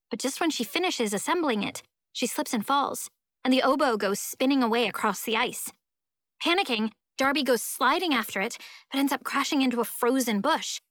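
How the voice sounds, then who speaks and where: A woman narrating a children's fantasy audiobook in the first person, lively and expressive. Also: sits high, no room sound, clean studio sound.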